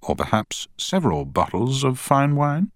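A man voicing a sharp young male barrister who asks pointed, probing questions. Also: medium pitch, sing-song, normal speed, no room sound, studio quality, voice pushed up.

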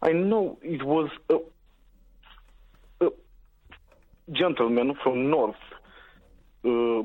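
A man's voice: medium pitch, extremely slow, no echo, phone-quality sound. A man calling into a radio phone-in, polite and hesitant, stumbling and restarting his words. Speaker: caller. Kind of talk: phone-in call.

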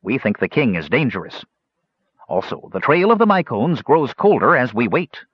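A man's voice: mid-range voice, big pitch swings, normal speed, slightly rough, no echo, muffled recording. A man voicing a small gnome spokesman who speaks formally and earnestly. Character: solemn little male gnome spokesman.

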